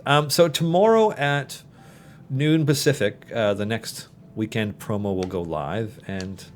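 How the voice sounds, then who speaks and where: Low-voiced Canadian man hosting a stream. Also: a little hiss or hum. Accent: Canadian English. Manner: rambling, many fillers and restarts. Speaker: livestream host answering chat questions. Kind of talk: casual livestream chat.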